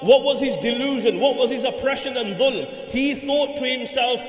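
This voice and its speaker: A man's voice: very high voice, moderate pace, hardly any pauses. A man giving a Friday sermon in a mosque, driving points home with rhetorical questions and repetition. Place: mosque prayer hall. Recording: echoey mosque hall, long reverb.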